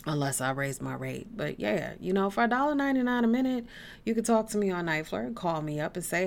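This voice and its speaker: A woman's voice: deep voice, moderate pace, vocal fry, slight background noise. A woman hosting her own podcast, rambling through tangents in a blunt, casual way and swearing freely. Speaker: podcast host.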